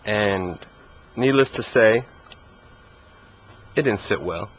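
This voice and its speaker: A man's voice: lowish voice, animated, slow. A young man telling a story in a casual interview, laid-back and dryly humorous. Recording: muffled recording with faint hiss.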